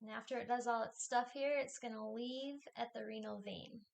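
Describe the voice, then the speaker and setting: A woman's voice: a little high, fairly even intonation, normal speed, creaky. A woman instructor giving a recorded lecture, talking through a diagram step by step in a plain, explanatory way.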